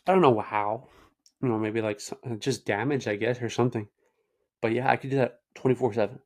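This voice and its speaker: A man's voice: mid-range voice, fairly even intonation, brisk, a little mellow. Young man telling rambling casual stories. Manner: rambling, slangy, says "dude" and "like" often. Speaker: host. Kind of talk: casual storytelling to camera.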